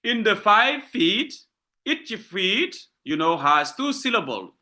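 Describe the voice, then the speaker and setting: Guy teaching literature live, west african french accent, bouncy pitch, keeps asking what does it mean. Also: very animated, slow pace, sharp tone. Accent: French-speaking West African. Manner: explains patiently with repeated rhetorical questions; switches between French and English. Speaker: literature lecturer. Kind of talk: live online lecture.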